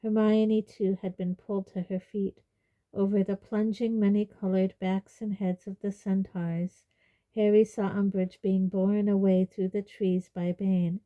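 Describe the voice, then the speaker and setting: A woman reading a fantasy novel aloud in a measured audiobook narration. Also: mid-range voice, little pitch movement, narrow, tinny audio. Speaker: reader.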